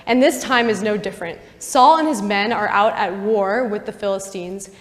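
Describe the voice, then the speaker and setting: A woman's voice: mid-range voice, normal speed. Chatty young woman teaching in a chapel. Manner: chatty, full of "like" and asides to the audience. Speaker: campus missionary speaker. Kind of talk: casual Bible teaching talk. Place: university chapel. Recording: long chapel reverb.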